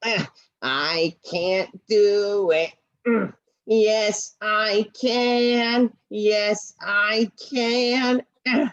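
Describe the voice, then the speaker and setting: A woman's voice: medium pitch, steady tone, no echo, muffled recording. A woman voicing a glum, frustrated male felt animal puppet who sighs and sulks, in a puppet show over a video call. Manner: mopey, sighing, slow and sulky.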